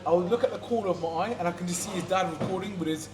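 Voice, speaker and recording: A man's voice: sits high, racing, noisy background. A man co-hosting a podcast in casual chat, playful and self-mocking, laughing often. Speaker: podcast co-host. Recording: echoey room with crowd chatter.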